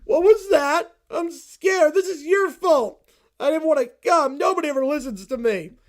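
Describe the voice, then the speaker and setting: A man pushes his voice very high, expressive and at a moderate pace, to play a whiny, bratty little kid. The character complains about everything and sounds on the verge of tears.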